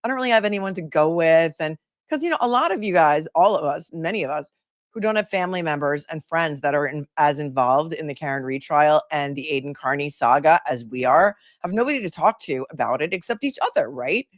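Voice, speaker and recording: A woman's voice: sits low, animated, a little fast, dry recording, clean studio sound. A woman attorney hosting a casual livestream, chatting and rambling as she reads viewer comments aloud, older than her peers. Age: older than her peers, calls herself the old lady of the group. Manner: chatty and rambling, with many fillers and restarts.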